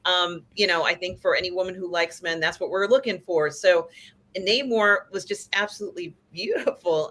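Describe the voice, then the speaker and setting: Woman critic on a panel, bright voice, chatty and excited, laughs a lot. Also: fairly low pitch. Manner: enthusiastic, chatty, with laughs and restarts. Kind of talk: casual panel discussion.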